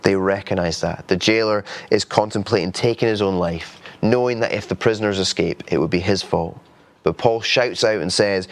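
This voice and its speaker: A man's voice: low-pitched, steady tone, moderate pace. A man preaching a sermon in an earnest, conversational way, with frequent restarts. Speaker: pastor.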